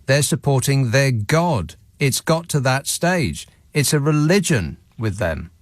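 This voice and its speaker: A male radio phone-in host talking in a sardonic, mocking, quick-witted way. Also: mid-range voice, sing-song, no echo, studio quality. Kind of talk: casual radio chat. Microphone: studio microphone.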